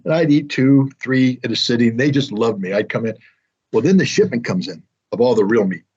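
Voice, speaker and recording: A man's voice: mid-range voice, brisk, a little mellow, breathy edge. A middle-aged American man telling a long, self-mocking anecdote in casual interview talk. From United States. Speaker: guest telling a story. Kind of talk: casual storytelling. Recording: dull lo-fi audio.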